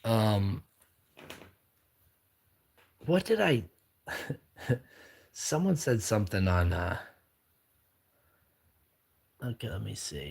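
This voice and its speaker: A man's voice: fairly low pitch, animated, slow pace, gravelly, pauses often, a little mellow, breathy edge. A man hosting a casual live drawing stream, reading viewer comments aloud and chatting back in a rambling, upbeat way.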